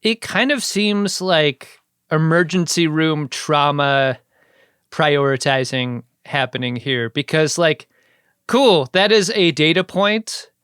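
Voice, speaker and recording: A man's voice: fairly high pitch, takes it slowly, a bit bright, clear, resonant tone, no echo. A man co-hosting a podcast, chatting casually about an episode with dry, wry humor. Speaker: podcast co-host. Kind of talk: casual chat recapping a TV episode.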